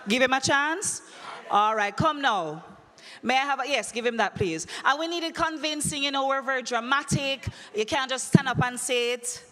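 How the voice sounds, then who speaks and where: A woman's voice: high voice, normal speed, sharp tone. A woman hosting a live audience quiz at a conference, playful and teasing with a dramatic flair, on a handheld mic in a large hall. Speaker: conference emcee. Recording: echoey hall with long reverb.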